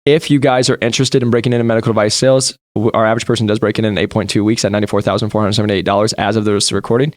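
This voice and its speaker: Fast-talking, emphatic male sales coach. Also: on the low side, no echo. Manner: emphatic, direct, addresses listeners as you guys. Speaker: podcast host and sales coach. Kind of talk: motivational monologue.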